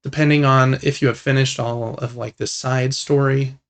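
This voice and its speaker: A young man with a gravelly edge to his voice, pitched in the ordinary middle, co-hosting a casual games podcast. He rambles happily, circling back with filler words, and lights up when a favorite game comes up. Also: moderate pace. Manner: relaxed, rambling, enthusiastic about games. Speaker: podcast co-host. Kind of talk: casual gaming podcast chat.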